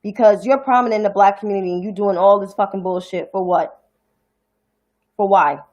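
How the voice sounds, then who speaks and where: On her casual livestream commentary show, a woman from Harlem, New York City, speaking with a New York accent, rants bluntly, profanely, and indignantly. Her mid-range, darkish voice runs a little fast, and the sound is lo-fi.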